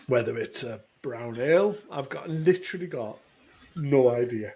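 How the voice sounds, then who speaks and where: Rambling self-deprecating podcast host. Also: male voice, mid-range voice, animated, normal speed, darkish tone. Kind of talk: casual chat.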